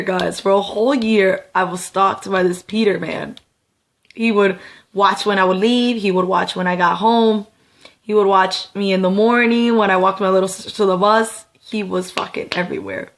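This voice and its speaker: A young adult woman telling a personal story on her vlog, emphatic and profane, often checking in with her viewers. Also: mid-range voice. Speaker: beauty vlogger.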